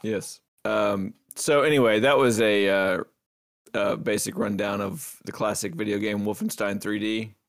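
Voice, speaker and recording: A man's voice: fairly low pitch, fairly even intonation, a little slow. A laid-back man in casual podcast banter who agrees easily and laughs often.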